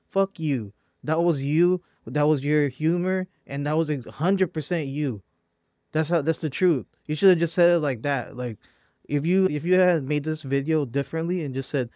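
Brief: male podcast host, slightly high voice, blunt profane rant, close dry sound. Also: moderate pace, a little mellow, no room sound. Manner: blunt, profane, repeats "bro".

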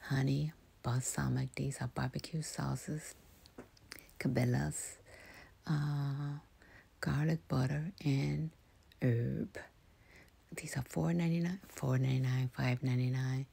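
A woman hosting a soft-spoken ASMR walkthrough of a big store, half-whispering product labels, repeating words and making chatty asides to viewers. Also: rumbling low, vocal fry, breathy edge. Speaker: ASMR channel host. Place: large indoor outdoor-goods store.

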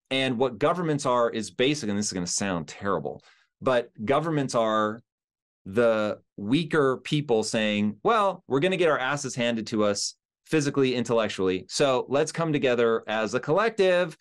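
This is an earnest man hosting a conversational interview, with a mid-range voice. He reasons out loud and often restarts his sentences as the thought comes together. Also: medium pitch. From United States. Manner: earnest, thinks aloud with restarts. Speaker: interview host.

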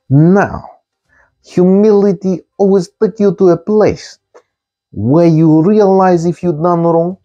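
High husky man in broken English. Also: dark tone, muffled recording. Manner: simple broken-English grammar, repeats key words. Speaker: comic commentator. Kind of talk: comic monologue in broken English.

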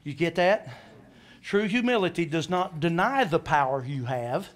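A man preaching a sermon as pastor, animated, acting out scripture voices and asking the congregation questions. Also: a little high, moderate pace.

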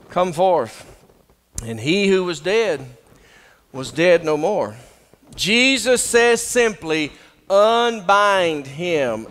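A man preaching a sermon as pastor, swinging between loud proclamation and hushed intensity. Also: sits high. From Southern US. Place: church sanctuary. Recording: long reverb of a church hall.

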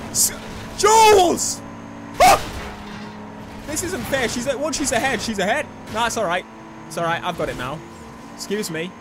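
A young man giving excitable let's-play commentary on a racing game, shouting at rivals as he drives. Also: sits high, a little fast. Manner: excitable, yelling at rivals mid-race. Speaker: gaming YouTuber. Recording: game music and engine noise behind.

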